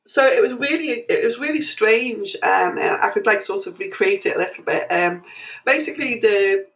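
Gravelly woman telling a story. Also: mid-range voice, moderate pace, poor audio. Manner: animated, full of restarts and fillers. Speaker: interview guest. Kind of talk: conversational interview storytelling.

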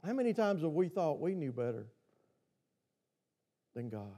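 A man's voice: a little high, sing-song, moderate pace, dark tone. A man preaching a sermon to his congregation, who keeps asking them questions. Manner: asks the congregation repeated questions. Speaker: pastor. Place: church.

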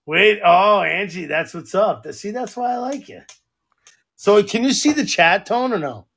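A man co-hosting a podcast remotely in loud, profane, laugh-filled casual banter. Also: high-pitched, moderate pace, creaky. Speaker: podcast co-host.

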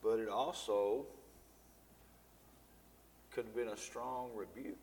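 A man's voice: lowish voice, fairly even intonation, slow pace, darkish tone, slight background noise. Man teaching a Bible lesson. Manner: reads scripture aloud with rising emphasis, then talks folksy to the congregation. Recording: long reverb in a church hall.

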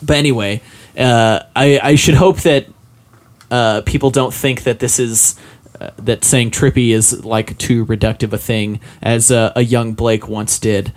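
A man's voice: medium pitch, fairly even intonation, measured pace. Twenties guy rambling on a podcast, lots of likes and ums, teasing himself. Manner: rambling, self-mocking, with lots of "like" and "um". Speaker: podcast co-host discussing a game. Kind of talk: casual chat.

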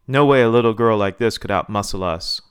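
A man voicing an angry male thumb wrestler who shouts and seethes with accusations. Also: mid-range voice, fairly even intonation, moderate pace, clear, resonant tone, lightly acted. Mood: seething.

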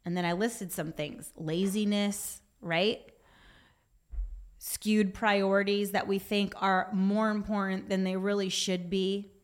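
A woman's voice: medium pitch, level tone, slow pace. Woman, devotional talk, earnest, exhorting, reads from notes. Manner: puts on a whiny voice for effect. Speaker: Christian speaker.

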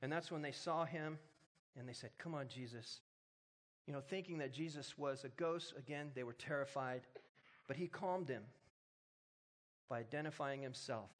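A man's voice: mid-range voice, normal speed, long pauses. A man preaching a sermon, retelling a story with humor and building to emphatic exhortation. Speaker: pastor.

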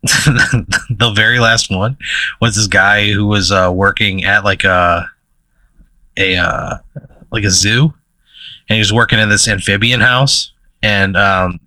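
A male podcast co-host with a lowish, bright, forceful voice tells rambling comedic stories, stuffed with "uh"s and laughter mid-sentence. The casual chat is recorded dry, with no echo.

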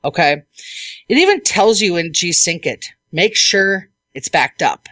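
Animated woman podcast host, dry sound. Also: fairly low pitch, measured pace, no echo. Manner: animated storytelling, acts out what people said. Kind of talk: casual podcast chat.

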